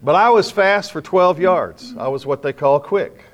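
A middle-aged man preaching a sermon, telling folksy stories with sudden loud bursts and quiet drops. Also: on the high side, unhurried, highs cut off.

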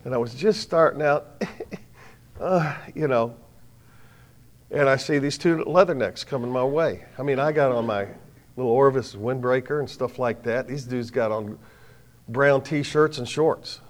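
A middle-aged man with a drawl delivers a sermon in a mid-range voice. He tells folksy personal stories, punching some lines loudly and letting others fall quiet. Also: medium pitch, a little slow. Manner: folksy, animated storytelling with sudden loud bursts and quiet drops. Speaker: preacher.

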